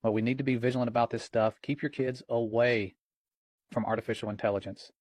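A man's voice: mid-range voice, steady tone, a little fast, darkish tone, no room sound. Earnest middle-aged man, dry sound. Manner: earnest and alarmed, reads chat quotes aloud. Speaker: co-host of a Christian watchman podcast. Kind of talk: casual religious commentary.

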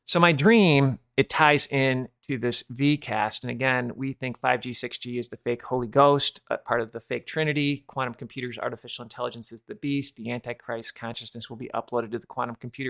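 Hosting a Christian watchman ministry podcast, a man in his 50s shares a casual, earnest religious testimony, confessional in tone and fading quietly at the ends. He speaks at medium pitch with vocal fry, in clean studio sound with no room sound.

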